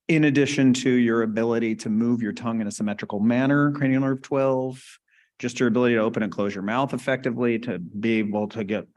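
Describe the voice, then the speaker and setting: A man lectures at a conference, explaining clinical terms in a relaxed, conversational way. He keeps checking in with the audience as he clicks through slides. His voice sits at an ordinary middle pitch. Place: conference hall.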